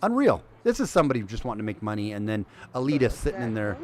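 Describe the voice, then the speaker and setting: A man hosting a casual news commentary stream, sarcastic and animated, swinging between loud remarks and muttered asides. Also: fairly low pitch, racing, slight background noise. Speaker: host.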